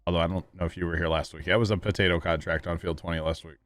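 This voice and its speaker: A man's voice: deep voice, steady tone, rapid-fire, fairly bright tone, soft background music. A man with a Missouri accent hosting a gaming livestream, chatting casually and joking with a folksy drawl. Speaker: livestream host. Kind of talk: casual gaming stream chat.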